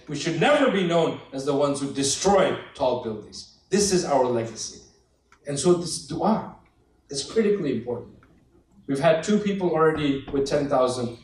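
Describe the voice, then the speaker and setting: A middle-aged man pitches for donations with lively humor, working the crowd. His voice sits high. He sounds distant, bouncing around a big reverberant banquet hall. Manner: animated, joking, rallying the crowd. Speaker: fundraising speaker. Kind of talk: fundraising appeal with humor. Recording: very echoey hall, voice from afar.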